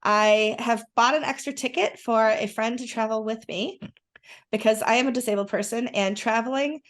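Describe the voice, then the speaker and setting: A woman's voice: a little high, normal speed. A woman chatting as a guest, enthusiastic and rambling with many restarts. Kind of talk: casual conversation.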